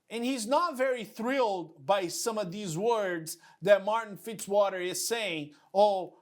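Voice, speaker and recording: A man hosting a casual talk show, telling stories and mimicking other people's lines. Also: sits high. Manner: animated storyteller, mimics others. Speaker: podcast host. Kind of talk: casual bodybuilding chat.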